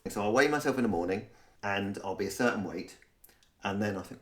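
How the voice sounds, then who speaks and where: A man's voice: fairly low pitch, lively intonation, quick pace. A middle-aged man co-hosting a podcast in casual chat, with a dry, teasing manner. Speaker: podcast co-host. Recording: echoey room.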